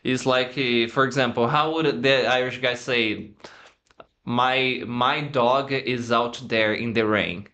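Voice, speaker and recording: A man's voice: mid-range voice, fairly even intonation, slow pace, bright, forceful tone. A man whose first language is Portuguese, hosting a podcast in English, playful and joking, imitating accents. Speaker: podcast host. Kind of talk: casual interview in English.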